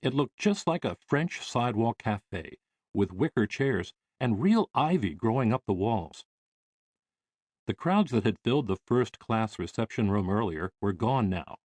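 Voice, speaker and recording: Expressive male audiobook narrator. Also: on the low side, no room sound. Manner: measured, expressive. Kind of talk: scripted narration.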